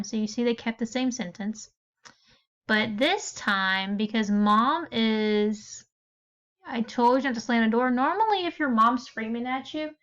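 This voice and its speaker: A woman teacher walks her class through a writing lesson in a patient, step-by-step way, checking in often to make sure they follow. Her voice sits a little high. The recording is somewhat dull and lo-fi. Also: fairly bright tone.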